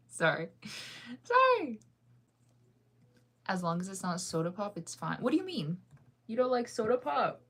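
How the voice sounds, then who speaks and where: A woman's voice: mid-range voice, lively intonation, normal speed, pauses often, husky. A young woman chatting casually with her viewers while she reads comments, laughing often. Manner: chatty, laughs often, sings snippets off-key. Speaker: livestreamer reading comments.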